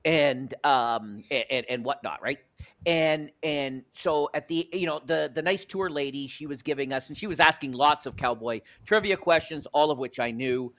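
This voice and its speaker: Bright-voiced chatty Canadian man. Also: fairly high pitch, normal speed. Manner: rambling storyteller with many restarts. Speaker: podcast co-host. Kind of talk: casual sports chat.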